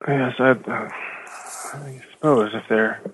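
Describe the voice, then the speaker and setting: A man playing a tabletop role-playing game, speaking politely and haltingly with fillers. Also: mid-range voice, steady tone, fairly bright tone, a little hiss or hum, poor audio. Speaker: player.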